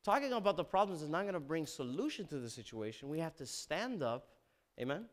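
A man preaching a sermon in a church sanctuary, reading scripture aloud and breaking off with loud emphasis, low asides and calls of "amen?". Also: very animated, a little fast.

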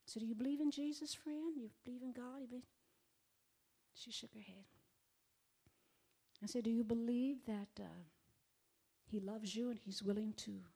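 A middle-aged woman giving an emotional testimony in a sermon, swinging from loud outbursts to hushed whispers and speaking directly to her listeners. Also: on the high side, moderate pace, vocal fry, pauses often, breathy edge. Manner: repeats herself, addresses the audience directly.

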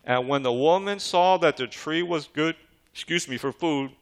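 A man's voice: on the high side, normal speed. A man preaching a sermon, reading scripture and calling questions out to the congregation. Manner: emphatic preaching with call-and-response questions to the congregation. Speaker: pastor.

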